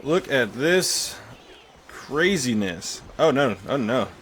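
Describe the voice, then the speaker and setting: A man giving live gameplay commentary, excitable and panicky, quick to laugh and curse. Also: mid-range voice, slight background noise. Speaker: gaming YouTuber.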